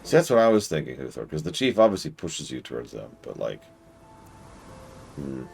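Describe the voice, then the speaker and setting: Man, very low gravelly voice, lively delivery, casual game stream, thinking aloud. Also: moderate pace, long pauses, soft background music. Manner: thinks aloud, chatty, answers chat. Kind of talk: casual gameplay commentary.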